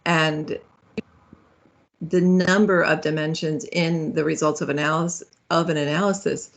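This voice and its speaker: A woman's voice: sits low, steady tone, measured pace. A woman speaking as a guest in a speaker series, in a conversational way with fillers and self-corrections.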